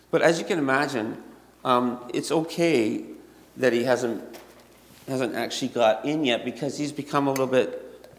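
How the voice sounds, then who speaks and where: A man preaching a sermon in a conversational way that builds to animated emphasis, heard in a church hall. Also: mid-range voice, vocal fry. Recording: echoey hall, long reverb.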